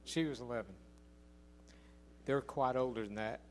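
An older man preaching a sermon, telling a folksy story with emphatic, drawn-out phrases. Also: medium pitch, slight background noise.

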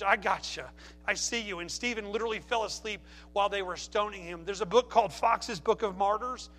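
A man's voice: high voice, sharp tone, a little hiss or hum. A man preaching a sermon, telling stories with passionate emphasis. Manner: impassioned preaching with storytelling. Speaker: pastor.

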